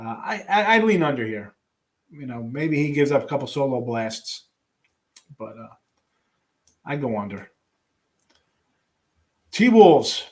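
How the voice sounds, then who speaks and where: A man hosting a sports betting show, running through daily picks in a casual, offhand way with wry asides and trailing restarts, while reading a live chat. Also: on the high side.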